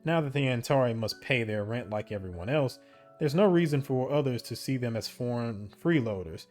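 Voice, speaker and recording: A man's voice: mid-range voice, moderate pace, faint music behind. A man reading the narration of an interactive story game aloud, breaking off for casual asides about his choices. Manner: steady storybook reading broken by casual asides and laughs at slips. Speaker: game streamer.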